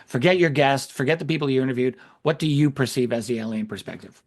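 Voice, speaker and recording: Earnest man hosting an interview. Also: medium pitch. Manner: earnest, measured, self-correcting. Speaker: podcast host. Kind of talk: casual interview chat.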